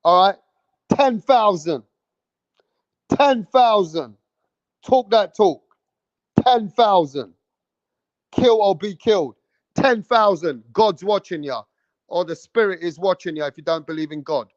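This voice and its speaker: A man, hosting a livestream and loudly teasing and daring his chat, swearing freely. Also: high-pitched, animated, slow pace, pauses often, no echo, lo-fi sound. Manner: loud, teasing, swears a lot, goads the chat. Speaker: livestream host.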